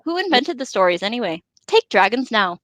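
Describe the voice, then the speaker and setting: A woman's voice: on the high side, big pitch swings, fairly quick, fairly bright tone, dry recording. A woman reading the lines of a stubborn, earnest male hobbit gardener in a storybook read-aloud. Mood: insistent. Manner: insistent, earnest.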